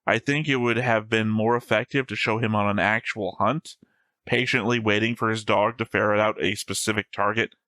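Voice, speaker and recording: A man's voice: lowish voice, steady tone, moderate pace, sharp tone, no room sound. A man co-hosting an anime reaction show, chatting casually and reading his notes in a dry, contrarian way.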